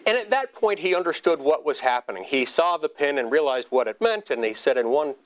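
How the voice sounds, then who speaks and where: A man giving a humorous speech as a senator, telling a story in a wry, self-deprecating way with halting restarts. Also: a little high, very animated.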